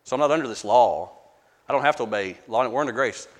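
A man's voice: mid-range voice, fast, long reverb tail. Man leading a casual Bible study. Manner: conversational, repeats words, asks the group questions. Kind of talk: verse-by-verse Bible study teaching.

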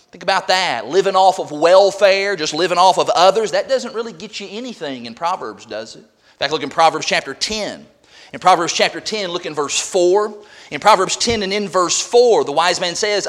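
Male preacher, sermon, high voice, very lively pitch, emphatic. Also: normal speed. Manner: emphatic, repeats scripture references, swings from quiet to loud.

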